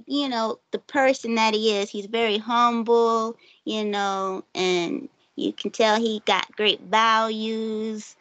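A woman hosting a casual podcast chat, playful and quick to laugh. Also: on the high side, creaky, fairly bright tone, dry recording, highs cut off.

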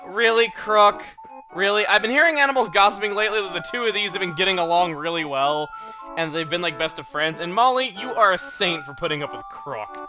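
Animated young man yelling over game music. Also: high-pitched. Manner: animated, joking, quick to yell in excitement. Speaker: let's play host. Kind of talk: let's play commentary.

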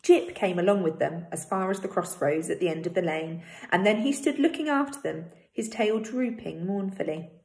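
Woman reading a story aloud. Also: on the low side. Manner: steady, expressive reading. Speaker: teacher reading a novel aloud. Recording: roomy echo.

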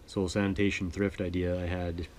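A man from Manitoba, Canada, chatting in a relaxed, rambling, self-deprecating way as host of his sewing vlog. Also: deep voice, fast talker, a little hiss or hum. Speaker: sewing vlogger. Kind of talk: relaxed casual chat.

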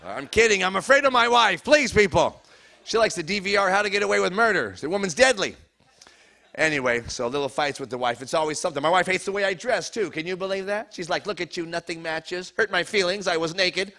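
A man's voice: high voice, expressive, fast, pushed and bright. A middle-aged man doing a stand-up comedy routine in a church hall, teasing the live audience between jokes. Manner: crowd work, teasing the audience.

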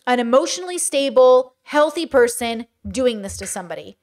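A woman with a high voice runs casual reaction commentary. She talks bluntly and with a lot of animation, and slang peppers her speech. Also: animated, moderate pace, a little mellow. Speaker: commentary creator.

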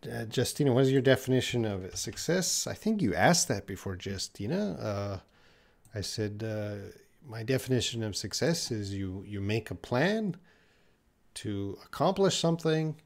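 This English teacher's voice is on the low side, animated and full of vocal fry. On his live question-and-answer stream, he reads viewers' questions out loud and answers them slowly and patiently.

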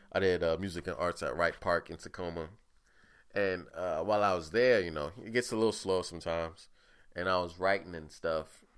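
A man's voice: low-pitched, fairly bright tone, clear, resonant tone. A young man from the talking casually and profanely on his own podcast, ranting animatedly. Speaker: podcast host. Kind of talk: casual monologue.

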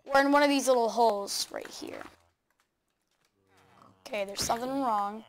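A woman hosting a video game let's play, excitable, chattering to the game animals and laughing often. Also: on the high side, normal speed. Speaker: gaming channel host.

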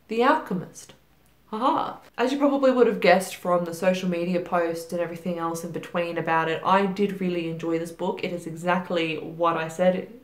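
A woman's voice: on the low side, reverberant. A young woman vlogging her monthly reading wrap-up in a chatty, self-deprecating way, with lots of fillers and little laughs. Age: young adult. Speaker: book vlogger.

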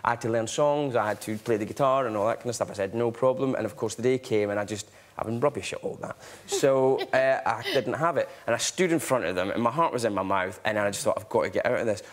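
A man, a guest actor, telling an animated anecdote on a chat show. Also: lowish voice, quick pace, hardly any pauses. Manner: animated storyteller, laughing through his story. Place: TV studio with a live audience. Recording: loud studio audience laughter and noise.

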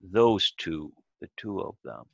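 A man's voice: low-pitched, very animated, takes it slowly, gravelly, husky, no echo. A man teaching a beginner language class online, patient and methodical, breaking words into syllables over a video call. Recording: dull lo-fi video call audio.

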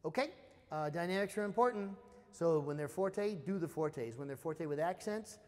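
A man, a percussion lecturer, teaching snare drum études in a relaxed spoken style, singing out rhythms with scat syllables. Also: a little high, normal speed, big-room sound. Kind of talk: spoken music instruction.

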